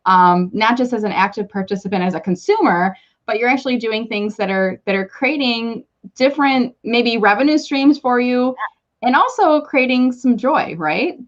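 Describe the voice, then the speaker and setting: A woman's voice: fairly high pitch, normal speed. Chatty woman host on muffled audio. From Michigan, United States. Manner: chatty and encouraging, thinks aloud with restarts. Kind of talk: casual live video interview.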